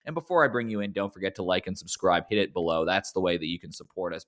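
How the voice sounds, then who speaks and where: A man's voice: sits low, fast talker, a bit bright. A man with a Canadian accent hosting a casual podcast chat over a remote call, jokey and self-mocking. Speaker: podcast host. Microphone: remote call mic.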